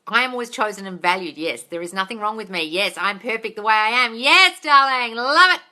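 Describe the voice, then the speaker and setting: A woman's voice: medium pitch, fast talker, pushed and bright. A woman manifesting coach answering viewer questions on a live stream, blunt and swearing, calling listeners darling.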